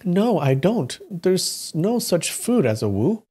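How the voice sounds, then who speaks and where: A man voicing an exasperated wife in a folktale reading, raising his voice high for her. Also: very animated, takes it slowly, dark tone, husky, faint music behind, heavily acted. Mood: puzzled. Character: nagging confused adult wife. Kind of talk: storybook reading.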